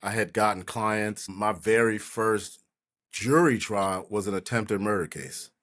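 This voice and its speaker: A man in his sixties from New Jersey, a trial lawyer telling lively anecdotes as an interview guest, often laughing and acting out others. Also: on the low side, measured pace. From New Jersey, USA. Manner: animated anecdotes, acting out quoted voices, laughing. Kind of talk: casual storytelling interview.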